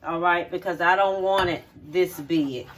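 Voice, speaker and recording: Speaking at a measured pace in a lowish voice, with a little hiss or hum on the recording, a middle-aged channel host cooks in her home kitchen. The demo is casual and homey; she repeats steps and keeps asking "okay?"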